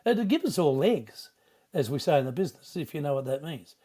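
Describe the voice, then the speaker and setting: Older Australian man, mellow rambling voice. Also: on the high side, sing-song. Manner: rambling, halting, many restarts. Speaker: veteran radio broadcaster, guest. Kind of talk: casual reminiscing interview.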